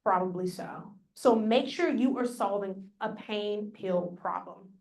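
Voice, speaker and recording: A woman's voice: mid-range voice, unhurried, darkish tone. A woman leading a live business workshop, coaching the room in an upbeat, direct way. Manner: upbeat, coaching, speaks straight to the audience. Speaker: workshop presenter. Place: conference room with a live audience. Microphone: on a mic, recorded for a hybrid audience.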